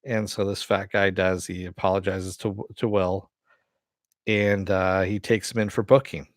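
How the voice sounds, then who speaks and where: A man talks through a TV episode in a loose, rambling recap, often stopping for fillers and restarts and swearing offhandedly. His voice sits fairly low, and the recording is dry and close, with little room sound. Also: level tone, normal speed, no echo. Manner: casual, swears freely. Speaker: TV episode reviewer. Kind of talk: casual spoken recap.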